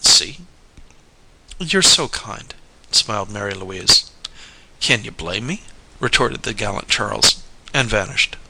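A man narrates a story in an even, measured voice. His tone is very bright and has a gravelly, creaky texture. He moves steadily through the prose and lightly voices the characters. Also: medium pitch, low-quality recording. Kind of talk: audiobook narration.

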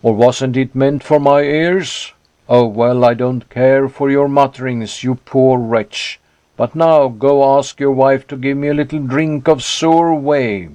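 A man's voice: mid-range voice, steady tone, takes it slowly, a little mellow, no room sound, lightly acted. A man voicing an overbearing, sarcastic older neighbor who talks down to others. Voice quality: sarcastic, condescending.

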